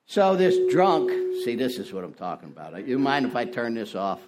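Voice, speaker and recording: An older man speaking at a recovery meeting through an ear-worn headset mic. His voice sits low but swings widely in pitch. He talks in a folksy, self-deprecating way and keeps dropping in "you know". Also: lively intonation, a little fast, very noisy. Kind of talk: personal testimony talk.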